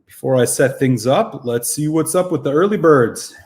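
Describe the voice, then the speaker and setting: A man's voice: a little high, normal speed, a little mellow. A man hosting a live whisky stream, chatting casually and greeting viewers by name, a little out of breath after a run.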